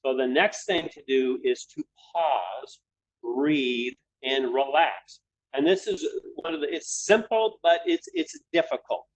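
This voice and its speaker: A man leading a webinar, guiding listeners through breathing and relaxation steps in a calm, unhurried way, repeating his cues in threes. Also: mid-range voice, rough recording. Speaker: webinar presenter leading a stress exercise. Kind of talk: guided breathing instruction.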